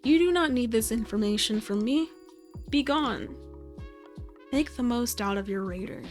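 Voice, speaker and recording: A woman's voice: a little high, animated, measured pace, soft background music. A woman streaming a game and chatting casually, rambling and amused with herself. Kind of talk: casual gaming stream chat.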